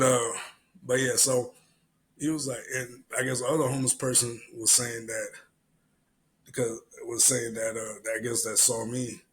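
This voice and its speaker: A man hosting a solo podcast, telling animated, profane stories and giving his opinions. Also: medium pitch, low-quality recording. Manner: profane, animated storyteller who acts out other people's lines. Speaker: podcast host. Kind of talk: solo podcast commentary and storytelling.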